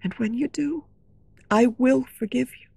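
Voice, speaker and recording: Woman doing a sad gentle young singer, soft pleading voice, slightly raised pitch, storybook. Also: measured pace, gravelly, breathy edge, no echo, full character voice. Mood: sorrowful.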